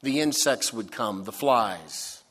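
Slow-preaching pastor in a reverberant hall. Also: male voice, lowish voice, expressive, fairly bright tone. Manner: slow, emphatic preaching with drawn-out key words. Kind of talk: sermon. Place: church sanctuary. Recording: long reverb of a church hall.

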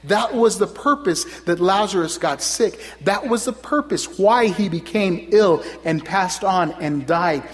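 An earnest male preacher delivering a sermon, his slightly raised voice surging into loud, emphatic peaks. Long reverb trails after each phrase, as if he stands in a large hall. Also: high voice.

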